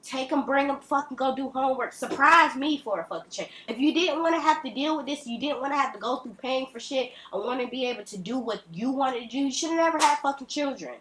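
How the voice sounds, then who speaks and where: A woman's voice: high-pitched, animated, quick pace, few pauses, fairly bright tone, slight background noise. A woman, speaking bluntly and profanely in a direct-to-camera vlog rant at home. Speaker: vlogger. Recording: echoey room.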